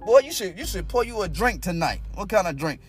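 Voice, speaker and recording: A man preaching a sermon, folksy and repetitive, swinging from loud exhortation to low, close talk. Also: very animated, a little fast, slightly rough, soft background music. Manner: folksy, repeats phrases, speaks in tongues.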